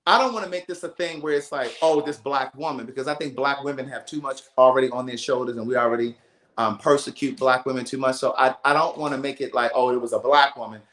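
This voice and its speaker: A fast-talking man with a mid-range voice hosts a livestream, spinning a casual storytime. He tells it with animated emphasis and keeps repeating himself, and the room around him echoes noticeably.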